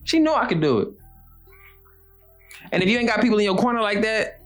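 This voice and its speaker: A young male show host delivers a blunt, repetitive motivational monologue packed with slang. His voice is high with big pitch swings and a fairly quick pace, over soft background music.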